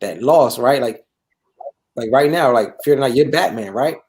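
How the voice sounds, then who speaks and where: Hosting a live gaming talk show, this man speaks a little slowly with a medium-pitched, slightly mellow voice and lively intonation. The chat is casual and rambling, full of repetition and lines ending in "bro" or "right?".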